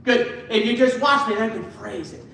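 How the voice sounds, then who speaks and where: A man's voice: very high-pitched, normal speed, gravelly, bright, forceful tone, slight background noise. A man leading a church choir rehearsal, counting off beats and singing phrases to show the singers how they should go. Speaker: choir director. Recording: echoey room from far off with music.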